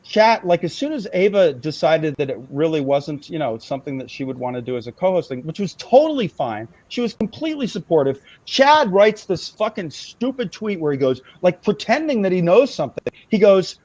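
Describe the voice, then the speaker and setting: A man's voice: sits high, sing-song, a little fast, few pauses, darkish tone, dry recording, lo-fi sound. A man hosting a comedy livestream, ranting heatedly and profanely with lots of restarts. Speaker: host. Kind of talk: improvised comedy livestream rant.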